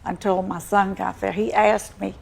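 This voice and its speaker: A woman's voice: medium pitch, little pitch movement, moderate pace, gravelly, a little mellow, husky. An older woman with a Virginia Southern accent, insistently denying accusations as a talk show guest and calling the host "sir". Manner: insistent denials, formal "sir". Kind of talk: defensive testimony.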